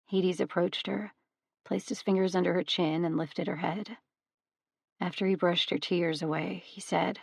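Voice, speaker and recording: A woman narrating an audiobook with measured, even storytelling. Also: on the low side, gravelly, husky, no echo. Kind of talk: scripted narration.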